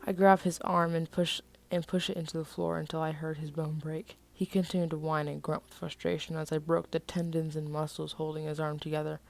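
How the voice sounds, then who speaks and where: A woman's voice: deep voice, level tone, a little fast, gravelly, few pauses, a little mellow. A woman reading her own first-person story aloud in a casual, plain way.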